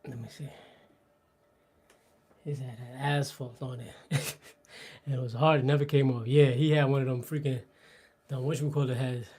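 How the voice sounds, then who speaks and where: A man's voice: mid-range voice, steady tone, normal speed, long pauses, darkish tone, breathy edge. A man hosting a live workout stream, joking and rambling with his chat between exercises, laughing often and trailing off mid-sentence. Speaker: fitness livestream host. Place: indoors at a home workout spot.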